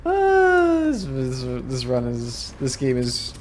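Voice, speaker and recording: A man's voice: medium pitch, wildly swooping pitch, slow pace. Worn out young guy rambling over gameplay, mid-range voice, bit of faint hiss behind. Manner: tired, rambling, self-deprecating. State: exhausted. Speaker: streamer. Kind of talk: casual gameplay commentary.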